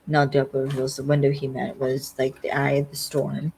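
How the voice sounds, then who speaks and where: A podcast co-host casually recaps a TV episode and rambles through the plot with constant fillers. The voice sits at a mid pitch. Faint noise hums in the background. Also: completely flat delivery, brisk, creaky, a little mellow, poor audio. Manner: rambling retelling full of "like" fillers.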